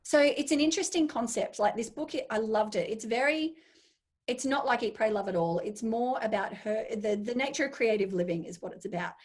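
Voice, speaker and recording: A woman's voice: on the high side, a little fast. A woman, a make-up artist from Australia, chatting as an interview guest and acting out inner voices as she tells stories. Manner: animated storyteller, acts out inner voices. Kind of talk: casual interview chat.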